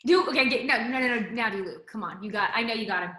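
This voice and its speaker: A young woman hosting a casual interview chat, bubbly and quick to laugh. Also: a little high, noisy background. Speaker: show host. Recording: roomy echo.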